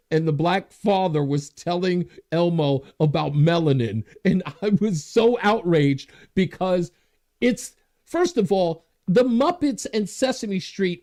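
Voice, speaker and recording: A man's voice: high voice, dark tone. A man hosting a talk show, delivering a monologue, getting worked up, laughing at himself and reading out viewer comments. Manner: reads viewer comments aloud. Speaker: host.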